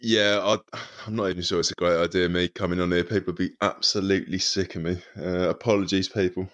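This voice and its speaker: A man's voice: low voice, level tone, fast talker, fairly bright tone. A man, a podcast panelist chatting casually with dry humour. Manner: laid-back, dry humour. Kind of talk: casual chat.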